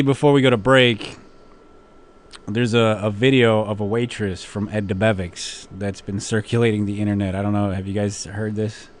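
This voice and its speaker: A man's voice: lowish voice, clean tone. Joking male radio host. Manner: joking, laughs often, mocking. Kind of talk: casual radio chat. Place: college radio studio.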